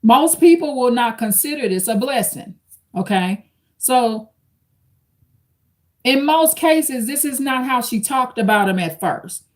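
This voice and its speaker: A woman's voice: fairly high pitch, animated, unhurried. A woman hosting a live stream, reading an article aloud and commenting on it casually to her viewers. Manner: conversational, addresses viewers as y'all, reads quotes aloud. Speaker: channel host reacting to an article.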